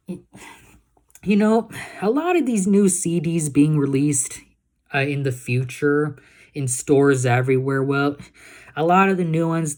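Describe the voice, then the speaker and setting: A young man vlogging straight to his viewers in a loose, unscripted way. His speech halts and stumbles, with doubled words and frequent restarts, and he keeps asking the audience if they follow him. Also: fairly high pitch. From Texas. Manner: halting, many repeated words and restarts; keeps asking "you know what I'm saying, guys?". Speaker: YouTube vlogger. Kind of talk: casual vlog talk to viewers.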